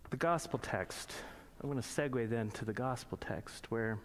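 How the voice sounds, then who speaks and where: A man preaching a sermon in a church, reading scripture slowly and then explaining it in plain conversational asides and pointed questions. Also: mid-range voice. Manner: asks the congregation pointed rhetorical questions. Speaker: pastor.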